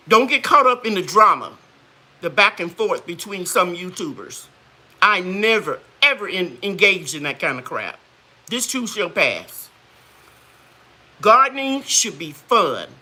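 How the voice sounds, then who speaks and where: A woman with a mid-range voice and sharp tone hosts a live gardening chat on her channel. She's folksy and chatty, greeting viewers and laughing often.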